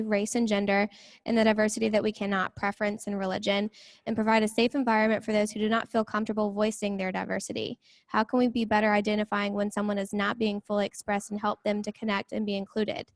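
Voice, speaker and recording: A woman's voice: mid-range voice, no room sound. A woman moderator reads out a question sent in from online viewers. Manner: reads quickly in an even tone.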